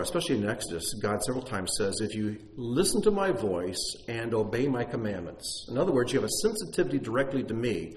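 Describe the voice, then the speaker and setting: A man teaching a congregation in an animated, conversational sermon, with self-deprecating asides. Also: medium pitch. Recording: echoey room, faint noise.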